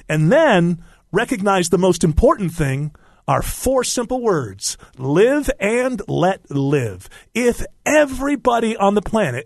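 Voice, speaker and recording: Male podcast host, high and animated, passionate and preachy, dry close mic. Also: no echo. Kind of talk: opinionated podcast talk.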